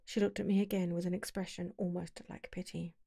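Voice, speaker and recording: A woman narrating an audiobook in a calm, measured storytelling voice on a close mic. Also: lowish voice, creaky, dry recording.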